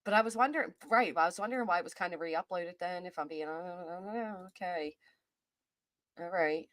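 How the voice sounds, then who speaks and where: A woman's voice: fairly low pitch, normal speed, a bit bright, no room sound, studio quality. A woman with a Kentucky accent hosting a casual live-stream chat, reading out and greeting viewers by name as she talks.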